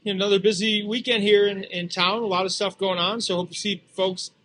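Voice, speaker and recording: A man's voice: high voice, fairly even intonation, fairly quick, a bit bright, a little hiss or hum. A man co-hosting a sports talk show, speaking casually with hesitant fillers. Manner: hesitant, many fillers and restarts. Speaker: co-host and casino representative. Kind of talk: casual chat.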